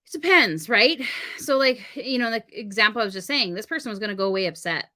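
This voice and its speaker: A woman talks in a casual live-stream chat, with a bright, forceful tone. She tells stories in an animated way and acts out the other voices in her exchanges. She sounds like a regular co-host talking from her home studio. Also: a little high, fairly quick. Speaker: podcast co-host and wedding officiant.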